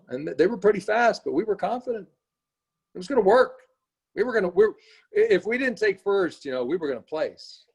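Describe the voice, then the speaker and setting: A middle-aged man telling a personal story as a motivational talk at a morning team meeting, earnest and animated, with frequent asides to his listeners. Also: a little high, breathy edge.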